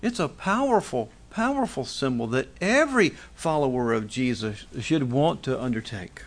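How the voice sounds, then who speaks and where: A man's voice: mid-range voice, sing-song, normal speed. A middle-aged pastor preaching a conversational sermon, asking rhetorical questions and restarting phrases as he goes.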